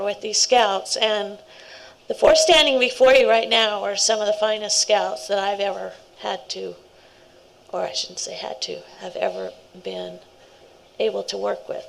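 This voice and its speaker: Gravelly-voiced woman giving a heartfelt speech. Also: mid-range voice, unhurried, a little hiss or hum, poor audio. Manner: warm, rambling, laughing asides. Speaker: scout leader. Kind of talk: speech at a ceremony.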